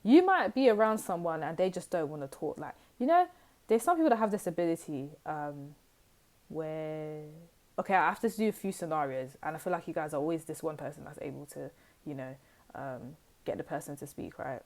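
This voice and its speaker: Chatty low-voiced woman. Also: lively intonation, a little fast, darkish tone. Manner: chatty, rambling, lots of fillers and asides. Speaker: tarot reader. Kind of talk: casual tarot reading to camera.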